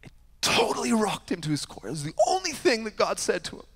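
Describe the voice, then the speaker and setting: A male pastor preaching a sermon, telling a story with sudden shifts between loud, emphatic preaching and hushed asides. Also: sits high, wildly swooping pitch, quick pace. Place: church sanctuary. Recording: long church hall reverb.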